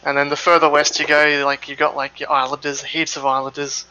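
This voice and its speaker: A man's voice: fairly high pitch, monotone, fairly quick, bright, forceful tone, poor audio. A man with an Australian accent, chatting casually during a sim race stream, laughing often and swearing freely while telling rambling stories. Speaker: sim racing stream co-host. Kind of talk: casual chat.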